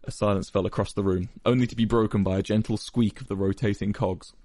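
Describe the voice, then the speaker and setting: A man's voice: on the low side, steady tone, fast, mellow, no room sound, studio quality. A young man expressively narrating a fan fiction story aloud.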